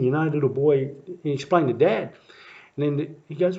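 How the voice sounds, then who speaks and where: Rambling man telling a story. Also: fairly high pitch. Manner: rambling, halting, with many fillers and restarts; lively when acting out crowd voices. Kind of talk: casual family storytelling. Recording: muffled lo-fi recording.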